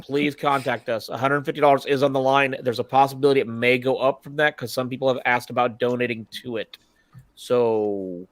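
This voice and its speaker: A man on a casual gaming podcast, plugging a tournament in a relaxed, halting way with plenty of fillers. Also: mid-range voice, no room sound. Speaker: podcast co-host promoting a tournament.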